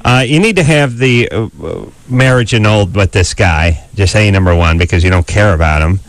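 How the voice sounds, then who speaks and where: A man hosting a call-in radio show, brash and mocking, breaking into loud put-on voices. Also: lowish voice, brisk, no room sound. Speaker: radio host.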